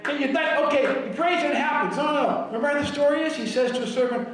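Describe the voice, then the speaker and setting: High-voiced preacher in an echoey hall. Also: male voice, fast, few pauses, slight background noise. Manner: animated storytelling, often shouting quotes. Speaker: pastor. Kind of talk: sermon. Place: church sanctuary. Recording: very echoey hall, mic from far off.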